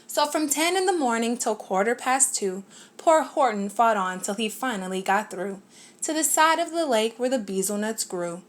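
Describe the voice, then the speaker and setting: A woman's voice: fairly high pitch, lively intonation, normal speed. A woman reading a rhyming picture book aloud in a lilting, rhythmic way. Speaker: storybook reader.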